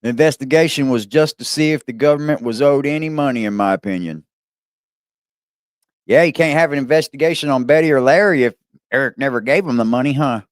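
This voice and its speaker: A man hosting a live reaction stream, talking loudly and profanely in an animated way. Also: mid-range voice, fairly quick, dry recording, studio quality.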